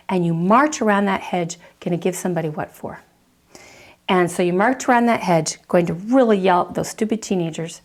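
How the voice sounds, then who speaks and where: A woman counselor teaching a lesson, telling a story vividly and acting out the reactions in quick asides. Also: on the low side.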